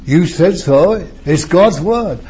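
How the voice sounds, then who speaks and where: In a muffled, lo-fi recording, a husky older man preaches slowly with an East End London accent. His sermon is emphatic and lively in pitch, full of rhetorical questions and wide pitch swings.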